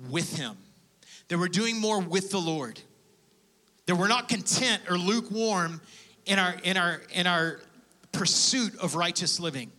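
A man preaching a sermon as pastor, animated and conversational, with laughs and acted-out prayers. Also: high voice.

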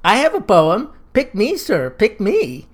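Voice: mid-range voice, expressive, unhurried, natural voice. A narrator voicing an eager, outspoken woman who works at a nail salon, chirpy and keen.

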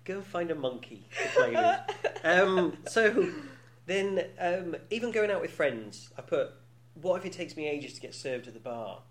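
A man's voice: on the high side, sing-song, a little slow, hardly any pauses. A man in his thirties co-hosting a podcast, talking candidly in casual chat with many restarts and frequent laughs. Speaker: podcast co-host.

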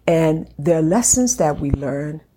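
Low-voiced woman hosting a faith podcast. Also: lively intonation, slight background noise. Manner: warm, encouraging, slows down to stress a point. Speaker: podcast host. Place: home room at a glass table.

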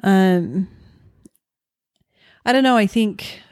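A middle-aged woman hosting a podcast and talking with her son in a warm, encouraging way. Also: mid-range voice, very slow, no echo, studio quality. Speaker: podcast host, mother. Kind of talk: casual chat.

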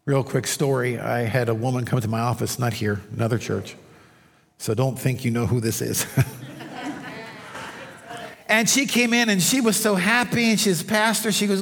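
A man's voice: on the high side, lively intonation, normal speed, creaky, fairly bright tone. A male pastor preaching a conversational sermon in a church, telling stories and asides to the congregation. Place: church sanctuary under stage lights. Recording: long hall reverb.

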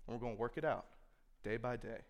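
A man's voice: medium pitch, quick pace. Man giving a chatty youth sermon. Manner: conversational, filler-heavy, acts out imagined inner thoughts. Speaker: youth speaker. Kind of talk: casual sermon to a youth group. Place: room with a live audience.

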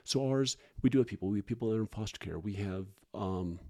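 Middle-aged foster dad on a podcast, low gravelly voice, kinda halting and earnest. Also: male voice, darkish tone. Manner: earnest, halting, frequent restarts and fillers. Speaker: foster parent guest. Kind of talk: candid podcast conversation.

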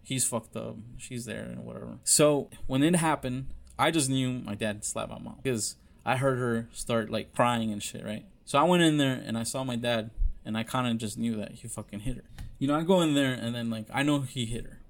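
A man recounts a painful family story in a loose, confessional way. His talk is full of fillers and swearing, and his voice sits at an ordinary middle pitch. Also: moderate pace, vocal fry. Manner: loose, profane, many fillers; frank and confessional. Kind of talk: casual personal storytelling.

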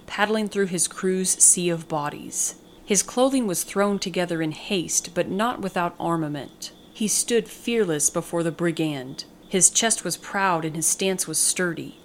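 A woman hosting a podcast and reading a short story aloud in a measured, descriptive way. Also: fairly low pitch, a little hiss or hum.

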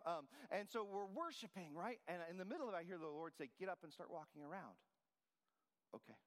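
Guy preaching a casual storytelling sermon, kinda high voice, big echoey hall. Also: fairly bright tone. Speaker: pastor.

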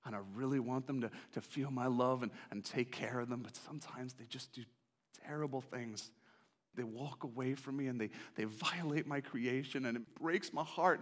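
A man voicing God as a tender, grieving father who speaks softly and gently. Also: low-pitched, pitched below the performer's own voice. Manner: soft, slow and gentle.

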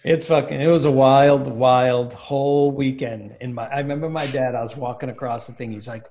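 A man casually telling a story on a podcast, animated, swearing heavily and acting out the dialogue. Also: medium pitch, normal speed.

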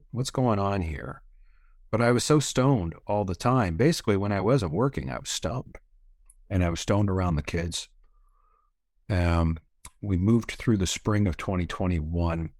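A middle-aged Canadian man, appearing as a podcast guest, talks through his life story in a very low voice. He's candid and relaxed, rambling along with plenty of "you know" and casual swearing. The recording is dry, with no room sound.

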